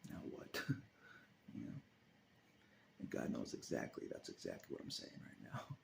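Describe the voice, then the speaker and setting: Deep raspy guy just rambling to the camera, laughing under his breath, voice goes up and down a lot. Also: wildly swooping pitch, normal speed, background noise. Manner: rambling, chuckles often, trails off into muttering. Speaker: vlogger. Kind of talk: casual monologue to camera.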